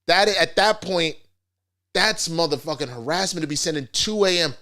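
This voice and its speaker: A man's voice: fairly high pitch, expressive, normal speed, sharp tone. A man hosting a casual commentary vlog, ranting in a profane, rambling, slangy way. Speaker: host.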